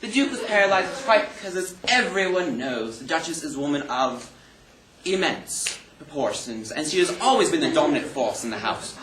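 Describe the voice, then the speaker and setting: A man plays a vain, flamboyant French marquis on an amateur stage, his high voice swooping up and down as he gushes gossip and bristles at any slight. The sound is echoey, caught from far off in a hall. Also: expressive, fairly bright tone, a little hiss or hum. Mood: gossipy. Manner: gushing, theatrical gossip, quick to take offense. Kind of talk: amateur stage play acting.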